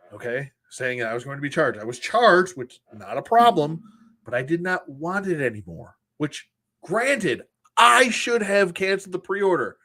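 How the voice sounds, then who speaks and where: With a high-pitched, bright and forceful voice, the collectors' show host vents casually about a frustrating customer service experience. He reenacts the phone calls in acted quotes, plainly exasperated.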